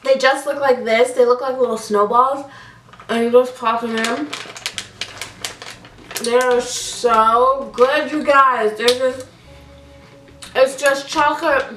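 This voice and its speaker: A woman's voice: unhurried, distant mic. A woman in her twenties chatting casually on camera about her favorite products, gushing and repeating how much she recommends things. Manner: chatty, gushing, repeats "so good" and "highly suggest". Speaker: beauty vlogger. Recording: echoey room, voice a bit off-mic, soft music. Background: faint background music.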